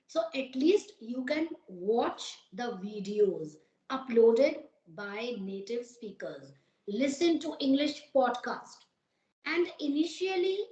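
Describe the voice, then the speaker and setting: A woman's voice: high voice, echoey room, poor audio. A woman from Uttar Pradesh with an Indian accent, an English teacher giving advice in a conversation, asking many rhetorical questions.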